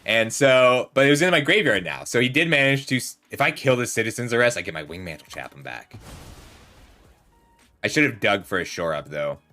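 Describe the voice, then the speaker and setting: A man's voice: mid-range voice, lively intonation, a little fast, bright, forceful tone, faint music behind. A man in his thirties, a streamer casually commenting on his card game and telling rambling stories as he plays. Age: 30s. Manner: rambling, chatty, talks to chat while playing. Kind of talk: casual gameplay commentary with storytelling.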